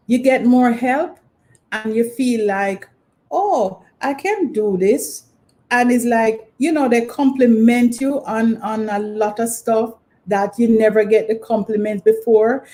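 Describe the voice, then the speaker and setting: A woman's voice: fairly high pitch, warm tone. A middle-aged Jamaican woman hosting her channel, telling rambling stories about her school days with lots of "you know". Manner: rambling, filler-heavy storytelling. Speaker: channel host. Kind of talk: casual reminiscing monologue.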